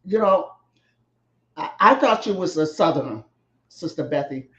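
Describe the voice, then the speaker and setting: A woman's voice: lowish voice, lively intonation, normal speed. Frank woman on a dull, echoey line. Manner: direct, questioning, frank. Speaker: guest. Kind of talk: casual conversation.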